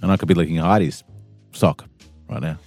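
A man co-hosting a podcast, chatting in a rambling, joking way. His voice sits a little low. The sound is dry and close, with faint music behind. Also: fairly quick, a little mellow, no echo. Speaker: podcast co-host. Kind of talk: casual chat.

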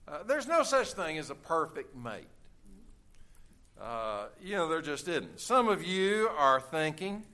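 A male pastor delivers his sermon in a bright, clear voice. He speaks slowly and deliberately, and keeps it folksy with jokes and frequent filler sounds. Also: a little high, sing-song.

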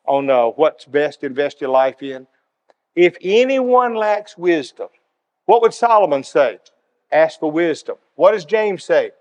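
A middle-aged man, a pastor telling a story in an animated, conversational way during a sermon. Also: mid-range voice. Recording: dull sound in a hall.

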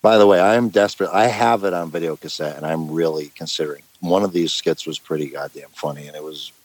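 A middle-aged man chatting as an interview guest, telling long rambling stories, laughing and loudly acting out what others said. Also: rumbling low, steady tone, quick pace, dry recording, low-quality recording. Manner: rambling storyteller, laughs, acts out quotes loudly. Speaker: musician guest. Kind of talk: casual phone interview.

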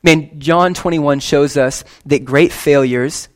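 A young man preaching a sermon to his church in a lively, conversational way, with quick asides and casual slang. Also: on the high side. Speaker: pastor.

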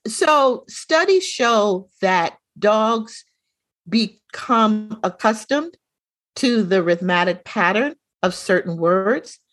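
Middle-aged female co-host, chatty and animated, dry close-mic sound. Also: medium pitch, takes it slowly, no echo. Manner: animated storyteller, acts out quoted dialogue. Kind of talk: casual chat, storytelling.

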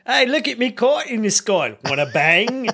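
A man's voice: very animated, moderate pace, bright, forceful tone, a little hiss or hum, heavily acted. A man putting on a boastful, flirty Ben Franklin figure with a Cockney accent. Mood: leering. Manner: playful high put-on voice.

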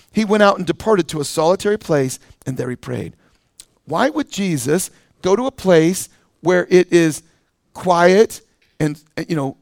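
A man's voice: high voice, no echo, studio quality. A male pastor preaching a sermon in a conversational way, with fillers, restarts and scripture read aloud.

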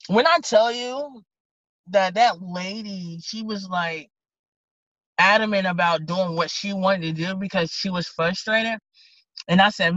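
A woman deputy with a Southern accent recounts a story from her job. Her voice is bright and pushing forward, and she animatedly plays both herself and the people she talks to. The recording is dry and a little dull. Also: mid-range voice, measured pace, no echo. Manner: animated, acts out both sides of conversations. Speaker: county deputy sheriff. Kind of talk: casual interview storytelling. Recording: dull lo-fi podcast audio.

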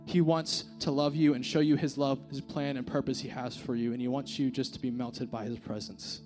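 Holding a handheld mic, a young man delivers a casual church sermon as a youth speaker, earnestly telling a personal story peppered with "like" and "dude." He speaks over music in a mid-range, level voice at a fairly quick pace.

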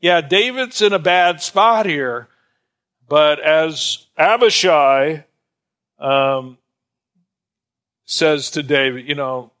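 Guy teaching a bible class, fairly high bright voice, rambling and chatty, lots of uhs. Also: extremely slow, pauses often. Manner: conversational, digressive, many fillers. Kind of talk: informal Bible lesson.

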